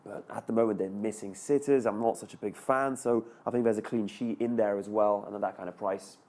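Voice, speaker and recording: A man's voice: fairly low pitch, fairly even intonation, a little fast, darkish tone. A man on a sports panel, chatty and self-mocking as he explains his fantasy football picks. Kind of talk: casual sports chat.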